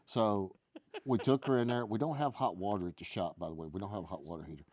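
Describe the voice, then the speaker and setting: A man's voice: fairly low pitch, fast, a little mellow. A man hosting a casual live stream from a gun shop, telling stories in a folksy, joking way. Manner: folksy, joking, rambling explanations. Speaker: host.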